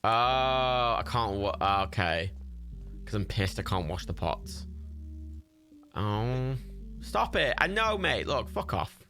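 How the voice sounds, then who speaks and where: A man giving sweary, excitable running commentary while livestreaming a game. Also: fairly low pitch, slow pace, soft background music. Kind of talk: gameplay commentary.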